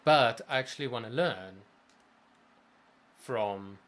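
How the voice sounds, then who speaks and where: A man's voice: on the low side, a little slow, a bit bright. A man co-hosting a gaming livestream, talking in a thoughtful, rambling way that is full of restarts. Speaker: co-host of a gaming stream. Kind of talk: casual chat.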